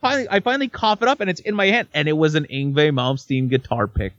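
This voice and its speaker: A male guest telling a wild story with animated emphasis. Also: a little high, quick pace, dry recording, dull audio. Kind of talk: casual storytelling.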